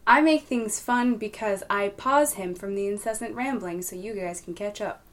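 A woman's voice: medium pitch, normal speed. A woman co-hosting a podcast who chimes in with giggly, teasing asides. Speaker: podcast co-host. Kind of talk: casual podcast chat.

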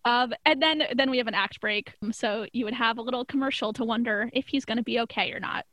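A woman's voice: a little high, fast, bright, forceful tone, dry recording. A woman casually recapping a cartoon episode, chatty and often laughing mid-sentence. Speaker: podcast co-host.

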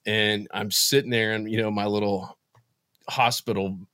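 A man telling a personal faith story as an interview guest, emotional and halting, often restarting his sentences. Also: fairly low pitch, flat delivery, sharp tone, no room sound, clean studio sound. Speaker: podcast guest. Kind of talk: personal faith testimony in conversation.

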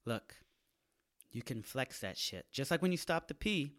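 A man's voice: mid-range voice, lively intonation, measured pace, fairly bright tone. A man, a comedian, delivering a casual and crude comic monologue to his audience, full of slang and acted-out voices. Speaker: comedian hosting his own podcast.

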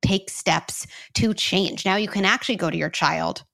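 A woman's voice: mid-range voice, normal speed, gravelly, fairly bright tone. Woman explaining in a podcast interview. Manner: explains step by step, guides listeners through exercises. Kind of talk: conversational interview.

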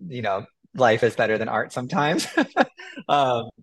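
A man of ordinary pitch talks about his book in a relaxed interview. He tells his story with frequent laughter and animated retellings of conversations. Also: moderate pace. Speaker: author guest.

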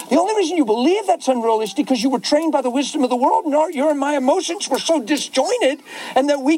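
Man preaching fervently in a high voice. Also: expressive, fairly quick, warm tone, low-quality recording. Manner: fervent, rising to emphatic exclamations. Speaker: pastor. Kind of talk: impassioned preaching in conversation.

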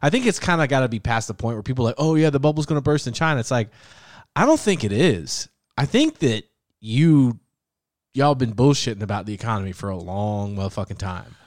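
Animated, profane podcast co-host man. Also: medium pitch, brisk, no room sound, studio quality. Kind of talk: casual chat.

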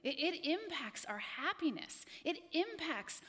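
A woman's voice: sits high, sing-song, unhurried, a bit bright. A woman pastor preaching a sermon to a live congregation in a church, repeating phrases and speaking to people by name. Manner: repetitive, exhorting, addresses congregation by name.

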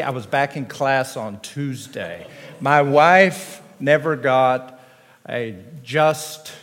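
A man in his fifties with a Tennessee accent, a pastor telling folksy stories at a chapel address, with halting restarts. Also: mid-range voice. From Tennessee, USA. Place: large chapel. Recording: long hall reverb.

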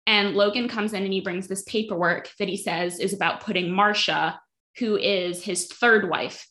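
Casual woman podcaster, mid-pitch, chatty, retells scenes with quoted dialogue. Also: fairly even intonation, moderate pace, fairly bright tone. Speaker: podcast co-host. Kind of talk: casual chat recapping a TV episode.

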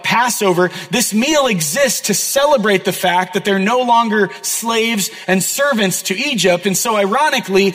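A man's voice: high-pitched, a bit bright. A young man preaching a sermon as a pastor, earnest and conversational, with self-deprecating asides. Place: church auditorium. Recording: long reverb of a large hall.

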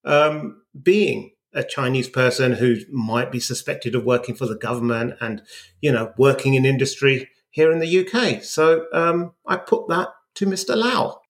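A man's voice: mid-range voice, normal speed. A man co-hosting a podcast, in wry, teasing casual chat. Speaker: podcast co-host.

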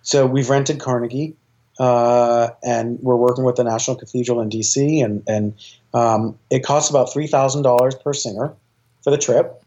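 A man talks with eager enthusiasm in a casual interview, rambling through his thoughts with frequent fillers and self-corrections. His voice is mellow and dark, and the recording sounds dull and lo-fi. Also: mid-range voice, steady tone, normal speed. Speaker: choir director and guest.

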